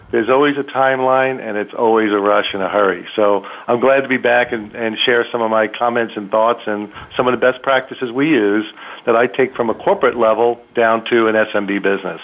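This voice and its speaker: Man talking over a tinny phone line. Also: medium pitch. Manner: relaxed, rambling with fillers. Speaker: panel guest, sales executive. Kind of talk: casual chat.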